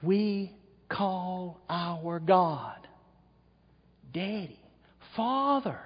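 Preacher booming through a long-echo hall. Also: male voice, expressive, drawn-out words, breathy edge. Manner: preaching that swings from quiet asides to loud shouts. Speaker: pastor. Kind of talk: sermon. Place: church sanctuary. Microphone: wearable mic. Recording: dull, long hall reverb.

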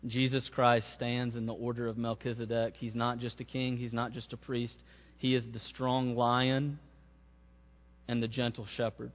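A man's voice: medium pitch, little pitch movement, moderate pace. A man preaching a sermon, his voice rising to stress key phrases. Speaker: pastor. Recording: muffled sound with long hall reverb.

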